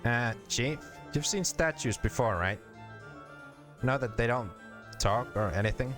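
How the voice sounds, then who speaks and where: A man's voice: medium pitch, animated, a little slow, over music, voice pushed up, natural voice. A man voicing a sarcastic, wisecracking floating talking skull in a game reading. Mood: wry. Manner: wisecracking, doubtful.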